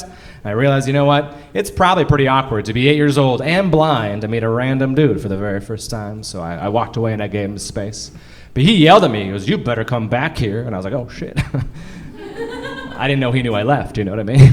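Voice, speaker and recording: A young man doing a stand-up comedy set on a club stage, crude and self-mocking, with punchy delivery and bursts of shouting. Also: mid-range voice. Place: comedy club stage before a live audience.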